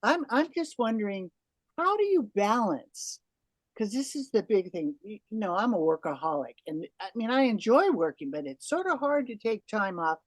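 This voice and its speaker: A woman hosting a podcast, asking rambling, halting questions full of fillers. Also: medium pitch, sing-song, no room sound. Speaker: podcast host. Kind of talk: interview questions.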